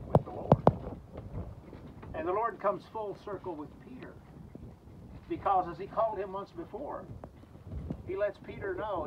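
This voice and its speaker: A man's voice: high voice, lo-fi sound. A man preaching a graveside sermon outdoors, retelling scripture in a folksy storytelling way. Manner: folksy storytelling, voices the characters' lines. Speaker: pastor at a graveside service. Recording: distant outdoor mic with clear background noise.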